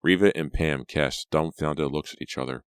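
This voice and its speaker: A man reading a thriller audiobook as its narrator, in a steady, measured delivery. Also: rumbling low, clean tone, no room sound, studio quality. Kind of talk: scripted narration.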